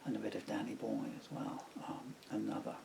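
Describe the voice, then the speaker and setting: Older man, gravelly low voice, rambling on-camera reminiscence with faint hiss behind. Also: flat delivery, brisk. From England. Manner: meandering, full of fillers and asides. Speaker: songwriter talking to camera. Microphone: camera mic.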